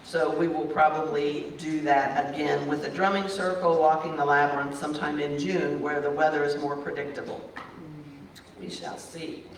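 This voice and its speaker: A woman's voice: sits low, flat delivery, normal speed, a little hiss or hum. A woman giving cheerful church announcements as a practitioner, upbeat and enthusiastic. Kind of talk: casual announcements. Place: church meeting hall. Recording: echoey hall, mic at a distance.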